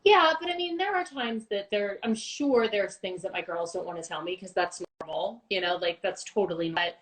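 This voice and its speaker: A middle-aged woman talking openly in a casual livestream chat. Her voice sits at an ordinary pitch, and her tone is candid and reflective with a dry, wry edge. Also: moderate pace, low-quality recording. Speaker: guest, mother of two daughters.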